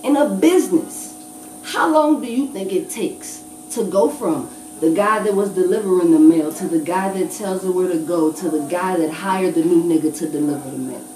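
A woman's voice: fairly low pitch, moderate pace, a little mellow. Blunt, profane woman, echoey and distant. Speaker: battle rapper guest. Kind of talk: casual interview chat. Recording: echoey room, distant mic, noisy.

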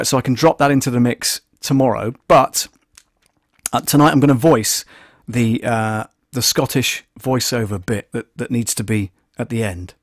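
A male audio producer hosts a casual tutorial stream, narrating each step as he goes. He thinks aloud with frequent fillers and restarts. His voice sits in an ordinary middle pitch and is recorded dry, with almost no room echo.

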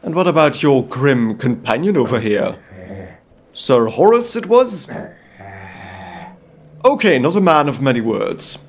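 A man's voice: mid-range voice, big pitch swings, a little slow, pauses often, a little hiss or hum. A man from Belgium doing in-character gameplay commentary, theatrical and playfully gallant, with comic outbursts. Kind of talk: in-character let's-play commentary.

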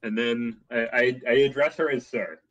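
Bright-voiced tabletop player. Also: male voice, mid-range voice, normal speed, lo-fi sound. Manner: hesitant, describes his moves plainly. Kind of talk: casual online game chat.

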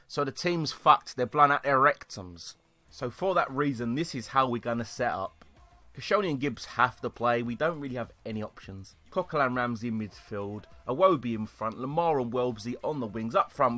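A young British man commentating live on his football video game, excitable and sweary, shouting when goals go in. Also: medium pitch. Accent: British English. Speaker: gaming YouTuber.

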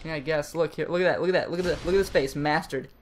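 A woman's voice: low voice, racing. A woman co-hosting a casual gaming show, reading aloud with sarcastic mock enthusiasm. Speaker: co-host.

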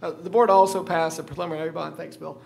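A man's voice: fairly high pitch, fairly even intonation, quick pace, vocal fry, crowd noise. A man, a school superintendent who says he is losing his voice, presenting items at a school board meeting with many filler words and restarts. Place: meeting room.

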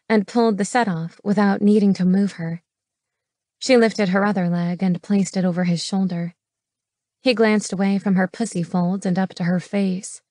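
A woman's voice: medium pitch, dark tone, dry recording, studio quality. Woman narrating a romance audiobook. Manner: measured, intimate reading.

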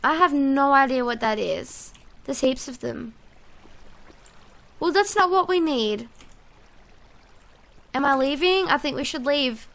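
A woman giving casual let's-play commentary, excitable and chatty, talking to herself and her viewers as she plays. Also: sits high. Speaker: gaming YouTuber.

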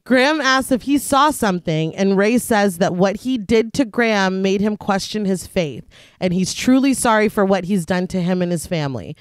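A woman co-hosts a podcast in a casual manner and retells a film's plot scene by scene. She often slips into laughter as she goes. Her voice sits at a middle pitch, in a dry room with no echo. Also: lively intonation, normal speed. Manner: breaks into laughter while recapping. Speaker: podcast co-host. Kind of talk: casual chat and film plot recap.

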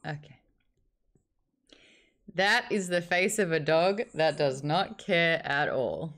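A woman's voice: deep voice, lively intonation, takes it slowly, fairly bright tone. A woman hosting a casual book club livestream from home, chatting playfully and cooing at her sleepy dog. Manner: playful, laughing, baby-talk to her dog.

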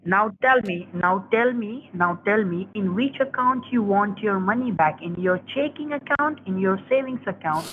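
A woman's voice: mid-range voice, lively intonation, normal speed, few pauses, phone-quality sound, noisy background. A woman scamming over the phone, pushy and repetitive, with broken English. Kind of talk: phone call.

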